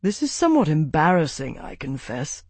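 A dignified aging lord speaks in formal, wryly understated phrases, as a man reads him. His voice is soft and even, recorded dry and close. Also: a little high, normal speed, slightly rough, no echo, full character voice. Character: aging male ruler, wry and dignified.

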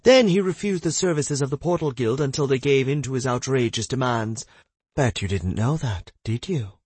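A man's voice: medium pitch, normal speed, a little mellow, breathy edge, dry recording, voice pushed up, lightly acted. A man voicing a vain, gossipy woman who runs a house, talking proudly and smugly. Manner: proud, smug, chatty.

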